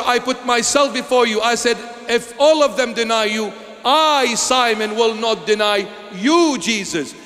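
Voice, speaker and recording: A man's voice: high voice, fairly bright tone, voice pushed up. A man preaching, voicing a repentant male apostle who earnestly pleads his love. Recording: long echoing reverb.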